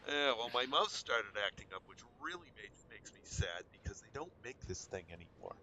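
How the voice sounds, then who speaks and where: A man's voice: mid-range voice, very animated, fairly quick, sharp tone, slight background noise. A man with an American accent streaming a game on a headset mic, chatting casually and thinking aloud with plenty of ums. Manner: thinks aloud with many fillers. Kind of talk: casual gameplay chat.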